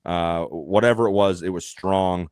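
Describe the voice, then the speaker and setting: A man guesting on a podcast, telling an animated, self-deprecating story with lots of fillers and restarts. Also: sits low, unhurried, smooth, no echo, studio quality. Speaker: podcast guest, race announcer.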